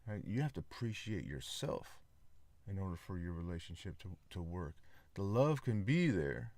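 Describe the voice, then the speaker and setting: A man's voice: low voice, sing-song, normal speed, a little mellow, no room sound. A man hosting his own podcast, talking in a casual, rambling solo monologue with many fillers and repeats. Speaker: podcast host.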